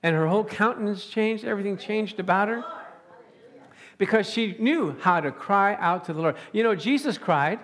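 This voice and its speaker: Male preacher with a high voice, lively delivery, frequent laughs and calls of "amen?". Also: moderate pace. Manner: animated, chuckling, calling out "amen?" to the congregation. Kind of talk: sermon.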